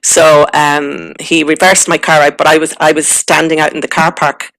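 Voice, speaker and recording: A middle-aged Irish woman giving a personal testimony, halting and emotional, with many fillers and restarts. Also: low voice, level tone, vocal fry, fairly bright tone, dry recording, rough recording. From Ireland. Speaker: guest recounting a spiritual experience.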